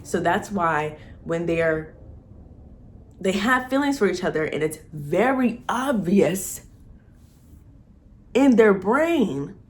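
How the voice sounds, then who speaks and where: Gushing young woman fan, low voice. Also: slow, long pauses. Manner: gushing, laughing, animated. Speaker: vlogger. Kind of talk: excited fan commentary.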